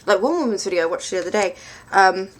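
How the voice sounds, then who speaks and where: A woman's voice: mid-range voice, lively intonation, fast. A woman chatting casually through a tarot deck review, rambling and self-mocking with lots of ums.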